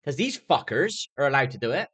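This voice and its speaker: Man, young, streamer, angry rant, heavy swearing, mid pitch. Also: very animated, fairly quick, a bit bright, slightly rough. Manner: swearing, repeats "do you know what I mean".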